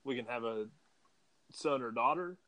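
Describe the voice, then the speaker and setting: A man's voice: mid-range voice, normal speed, bright, forceful tone. Joking man in casual podcast chat. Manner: joking, teasing, laughs easily.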